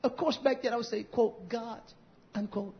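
A middle-aged man preaching a fiery sermon, scolding, dropping to low mutters and whispers, then rising into loud outbursts. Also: steady tone, moderate pace. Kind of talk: fiery street-style sermon. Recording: muffled lo-fi recording.

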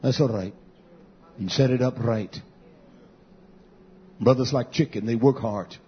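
A man delivers a fiery sermon in a blunt, repetitive style, swinging between shouts and low mutters. His pace is unhurried and his voice has a breathy edge. The lo-fi recording sounds muffled.

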